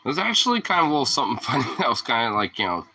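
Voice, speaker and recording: A man's voice: medium pitch, sing-song, rapid-fire, pushed and bright, husky, poor audio. A man ranting casually as a vlogger, rambling and profane, often laughing at his own points. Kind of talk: casual rant to camera.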